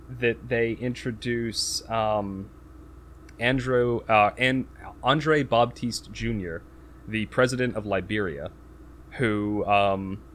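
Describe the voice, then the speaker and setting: A man's voice: fairly low pitch, a bit bright, slight background noise. A man in casual podcast chat, recapping a movie plot with lots of fillers and restarts. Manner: rambling, many fillers and restarts; acts out quotes in raised voice.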